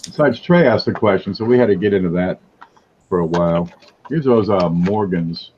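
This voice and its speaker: A man's voice: sits low, expressive, normal speed, highs cut off, a little hiss or hum. A man hosting a casual livestream chat, wisecracking and joking as he talks. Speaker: host.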